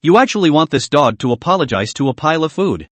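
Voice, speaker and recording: Man narrating a bratty dog spirit, whiny, lively, a bit high. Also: fast, no room sound. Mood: indignant. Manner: whiny, referring to himself as this dog. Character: greedy bratty talking male dog spirit. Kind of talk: manhua recap narration.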